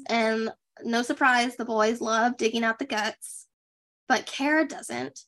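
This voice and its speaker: A woman's voice: fairly high pitch, slow. Chatty, sarcastic young woman. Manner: chatty, sarcastic, animated impressions. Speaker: podcast co-host. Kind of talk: casual recap chat.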